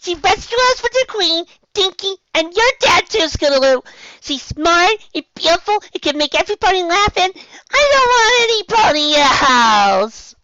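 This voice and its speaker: A squeaky, tearful little filly. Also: female voice, lively intonation, normal speed, fairly bright tone, no echo, lo-fi sound. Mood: crying. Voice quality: very high, squeaky and cracking with tears. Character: young girl pony, tearful and heartbroken.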